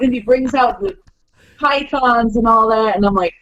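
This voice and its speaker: A woman on a podcast call, chatting casually, animated, acting out quoted lines and laughing often. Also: on the high side, normal speed, dull audio. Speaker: guest wrestler.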